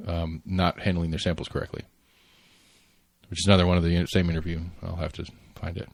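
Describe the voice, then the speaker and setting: A man's voice: sits low, level tone, fast talker, vocal fry, no room sound. A man co-hosting a casual current-affairs podcast, rambling with lots of fillers and restarts and the odd swear word. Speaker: podcast co-host.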